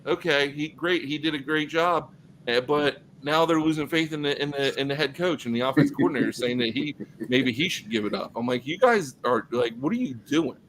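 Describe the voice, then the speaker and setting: A man's voice: fairly high pitch, brisk, slight background noise, rough recording. A man co-hosting a football podcast, talking loosely in casual sports chat with plenty of fillers. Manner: animated, loose, lots of fillers. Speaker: podcast co-host.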